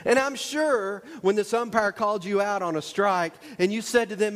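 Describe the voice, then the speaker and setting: Male pastor, high voice, animated sermon storyteller, church sanctuary with long reverb. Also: moderate pace, hardly any pauses. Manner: animated storytelling with acted-out shouts. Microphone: wearing a microphone pack. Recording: long reverb of a large hall.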